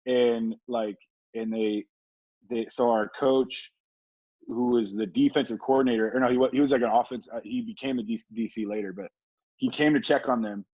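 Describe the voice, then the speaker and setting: A man's voice: mid-range voice, steady tone, normal speed, darkish tone, no room sound. A laid-back man from Southern California tells a long story, full of fillers and easy laughter. His voice sits mid-range. The recording sounds dry and a little dull. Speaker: podcast guest, former football player. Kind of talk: casual storytelling.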